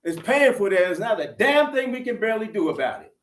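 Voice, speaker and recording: An older man delivers a fiery, preacher-style speech to a conference crowd. His voice sits high for a man, and the room around him rings with echo. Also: very animated, fast, fairly bright tone, distant mic. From United States. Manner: fiery, preacherly, addresses crowd as sisters and brothers. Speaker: conference speaker, activist.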